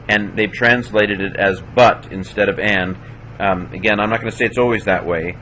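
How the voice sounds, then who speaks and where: A man teaching a class, slowly sounding out syllables one at a time and stopping to correct himself. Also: on the low side, fairly bright tone, a little hiss or hum, poor audio. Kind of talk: classroom walkthrough of Hebrew pronunciation.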